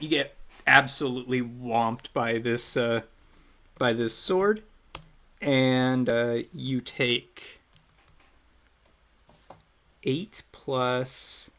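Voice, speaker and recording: A man's voice: medium pitch, a bit bright. A man running a tabletop game as game master, narrating the action in a loose, chatty way that often trails off and restarts.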